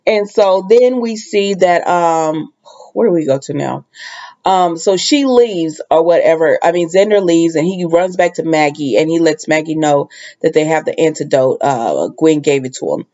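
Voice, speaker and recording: A woman's voice: sits low, normal speed, dark tone, highs cut off. Chatty woman retelling a soap episode. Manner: chatty storytelling, acting out quoted lines. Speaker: soap opera recap vlogger. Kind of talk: casual spoken recap.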